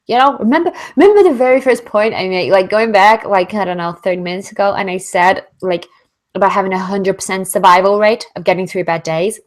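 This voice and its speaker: A British woman talks through a business Q&A webinar in a loose, chatty way. She keeps slipping into little acted-out voices of her own doubts. Her pitch sits in an ordinary middle range. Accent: British English. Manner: chatty and animated, lots of "like" and acted-out inner voices. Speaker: business coach hosting a Q&A. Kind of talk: casual motivational webinar talk.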